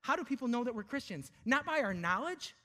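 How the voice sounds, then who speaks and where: A man preaching a sermon, emphatic, asking rhetorical questions and slowing down to stress key words. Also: extremely high pitch, very animated, sharp tone. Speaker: pastor.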